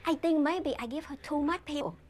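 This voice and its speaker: A woman's voice: sits high, moderate pace, darkish tone, close to an everyday voice. An actress playing a blunt, matter-of-fact woman who speaks in broken English, heard as a film clip from far off. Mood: deadpan.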